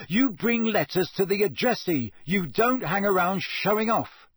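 A man's voice: high-pitched, big pitch swings, unhurried, slightly rough, no room sound, studio quality, voice pushed up, heavily acted. A man voicing a blunt, hot-tempered teenage schoolboy in a storybook reading, snappy and grumbling.

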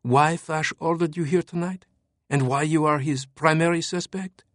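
A man's voice: fairly high pitch, moderate pace, no room sound, clean studio sound, voice pushed up, close to an everyday voice. A man voicing an urgent young French woman cryptographer in an audiobook, speaking earnestly and pressing her point. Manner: earnest, pressing, explaining calmly. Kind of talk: audiobook narration.

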